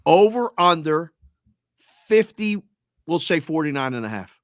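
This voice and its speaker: Animated wisecracking sports talk man. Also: on the high side, unhurried, no room sound, clean studio sound. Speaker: co-host.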